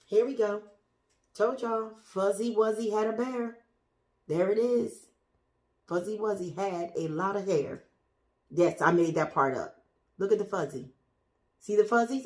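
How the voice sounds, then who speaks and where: A woman showing her houseplants to viewers in a chatty, gushing way, talking straight to the camera and sometimes dropping to a whisper. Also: mid-range voice. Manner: drops to a whisper at times. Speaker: plant vlogger. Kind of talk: casual show-and-tell to viewers. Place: indoors among houseplants. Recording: echoey room.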